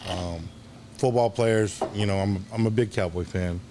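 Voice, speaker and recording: Man, lower voice, casual storyteller, faint room hiss behind him. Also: unhurried. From Dallas, Texas. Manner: animated anecdotes, acts out quoted voices, hesitant restarts. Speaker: guest, longtime bartender.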